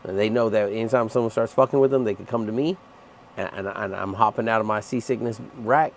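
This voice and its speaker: A man's voice: lowish voice, fast, slight background noise. A man who is a Navy chief, ranting in a heated, profane vlog about his sailors. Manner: angry, profane, emphatic. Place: aboard a ship at sea.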